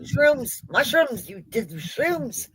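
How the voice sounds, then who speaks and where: A woman's voice: high-pitched, big pitch swings, takes it slowly, a crowd in the background, poor audio. A woman from Minnesota chatting casually on a livestream, joking and swearing, laughing often. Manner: joking, profane, laughs a lot. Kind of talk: casual chat.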